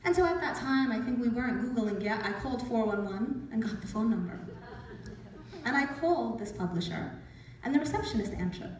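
A woman's voice: a little high, fairly quick. Woman telling a story in a hall. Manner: lively, acts out quoted voices, laughs often. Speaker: author giving a talk. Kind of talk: storytelling talk. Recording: echoey hall, speaker from far off.

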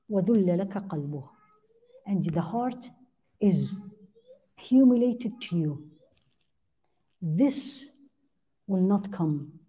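A woman's voice: on the low side, mellow, husky. A woman giving a religious lesson, translating Arabic supplications line by line and putting questions to her listeners. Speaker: religious teacher.

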